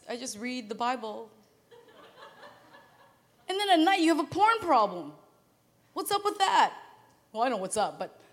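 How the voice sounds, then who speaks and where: A woman pastor preaching a sermon in an animated way, laughing at times and acting out the voices she quotes. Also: a little high. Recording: long hall reverb.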